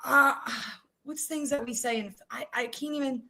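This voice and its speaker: A woman from South Philadelphia with a South Philly accent, a podcast guest chatting casually and telling animated stories with frequent laughter. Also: high voice, moderate pace, gravelly. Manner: laughs often, animated storytelling. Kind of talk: casual chat.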